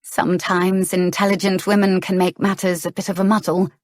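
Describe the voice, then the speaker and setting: A woman narrator voicing an earnest young noblewoman, speaking in a higher, questioning tone. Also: level tone, fairly quick, no echo, clean studio sound, close to an everyday voice.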